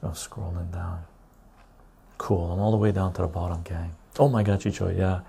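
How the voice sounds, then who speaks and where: A man's voice: sits low, fairly even intonation, moderate pace, creaky, dark tone, slight background noise. A man hosting a live stream, chatting loosely with viewers and reading their comments aloud. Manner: loose and chatty, reads the chat aloud, says "right?" often.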